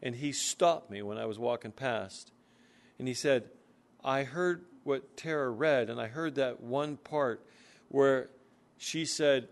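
Slow, earnest male preacher. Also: mid-range voice. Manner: earnest, explanatory, reads scripture slowly. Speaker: pastor. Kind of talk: sermon.

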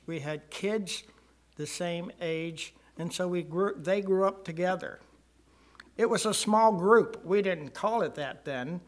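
An older man telling his personal testimony to a church congregation, earnest and rising to emphasis at key moments. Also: high voice. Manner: slow, earnest storytelling with swells of emphasis. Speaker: church member giving testimony.

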